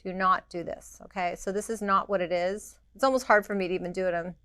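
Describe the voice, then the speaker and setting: A woman's voice: lowish voice, fairly even intonation, fast talker, fairly bright tone, clean tone, dry recording. A woman teaching a hands-on permanent makeup lesson, practical and direct, imitating the machine's rhythm with little sounds. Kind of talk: hands-on demonstration.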